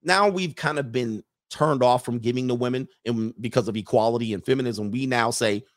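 A man's voice: medium pitch, brisk. A man hosting a casual commentary show, talking bluntly with profanity and mocking jokes, laughing at his own remarks. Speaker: host.

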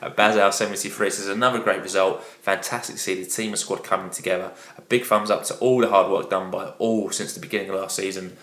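A deep-voiced man hosts a casual football podcast, keeping a steady, even delivery. He sounds upbeat and agreeable as he reads listener tweets aloud. An echoey room surrounds his voice. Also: quick pace, few pauses. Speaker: podcast host.

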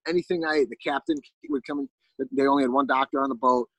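A man's voice: medium pitch, quick pace, creaky, a bit bright, dry recording, low-quality recording. A man casually telling a long story as a podcast guest, rambling with lots of fillers and restarts.

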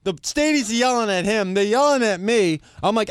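A man co-hosting a podcast, telling a story in a lively, animated way with laughs. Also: sits high, brisk, smooth, dry recording, studio quality. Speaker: podcast co-host. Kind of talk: casual chat.

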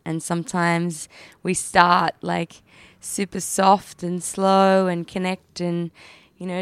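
An Australian woman guest on a podcast, speaking softly and reflectively in casual chat. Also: on the low side, smooth, no echo. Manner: soft, reflective, laughs easily.

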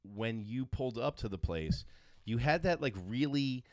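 A man's voice: mid-range voice, animated, moderate pace, no room sound, clean studio sound. A man hosting a podcast in casual chat, rambling and joking with frequent restarts. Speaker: podcast host.

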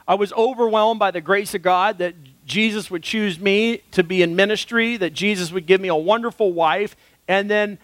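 Pastor, male, thirties, high voice, dry close sound, earnest storyteller. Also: a bit bright, no room sound. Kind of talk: sermon.

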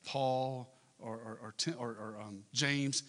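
A male pastor preaching in a church sanctuary, his voice carrying a long reverb from the hall. His delivery is conversational and often swells into emphatic, repeated questions. His pitch sits in an ordinary middle range for a man. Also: fairly even intonation, slow pace, a bit bright. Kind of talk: sermon.

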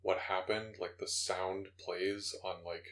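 Low-voiced young man, laid-back chat. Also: little pitch movement, slow, fairly bright tone. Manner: laid-back, swears, mimics lines. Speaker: podcast co-host. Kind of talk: casual chat.

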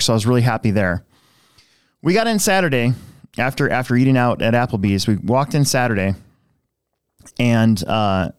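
A man's voice: medium pitch, clear, resonant tone, dry recording, clean studio sound. A man co-hosting a hobby podcast, telling a rambling story in casual chat and restarting his sentences often. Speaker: podcast co-host.

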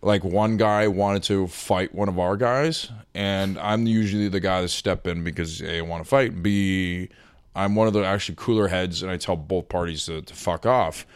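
A young man chatting casually, telling profane stories and acting out quotes loudly. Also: low voice, moderate pace, smooth, no room sound. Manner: profane storytelling with loud acted quotes. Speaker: podcast guest, rickshaw driver. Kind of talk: casual chat.

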